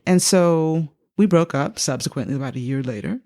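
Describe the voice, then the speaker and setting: A woman in her fifties, a psychotherapist being interviewed, telling a personal story in a lively way and acting out the voices she quotes. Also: normal speed. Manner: animated, acts out quoted speech with big pitch jumps. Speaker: psychotherapist guest.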